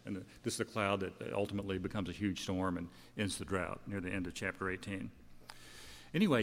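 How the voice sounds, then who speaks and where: A man preaching a sermon, retelling a scripture story in a conversational way with fillers and self-corrections. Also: on the low side. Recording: long hall reverb.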